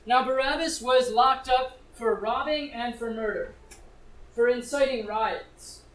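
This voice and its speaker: A male preacher with a notably high voice reads scripture and talks it through in a conversational way, putting questions straight to his listeners. He sits back from the mic, and the room gives his words a clear echo. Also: a little slow. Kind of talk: sermon reading and explaining scripture. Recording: echoey room, distant mic.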